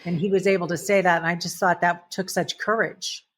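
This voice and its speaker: A woman guest in conversation, telling a family story in an animated way. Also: on the low side, a little fast. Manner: animated, acts out voices in stories.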